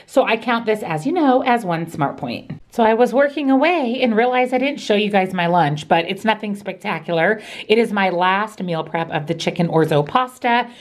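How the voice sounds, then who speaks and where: A woman's voice: fairly low pitch, no room sound. Upbeat chatty woman vlogging. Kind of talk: casual vlog narration. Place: car in a parking lot and an office.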